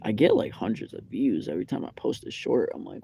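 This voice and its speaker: A man's voice: lowish voice, sing-song, brisk, vocal fry, few pauses, warm tone, breathy edge. A young man telling a rambling story on a live stream, with lots of fillers and repeated phrases. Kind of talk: casual live-stream chat. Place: McDonald's restaurant.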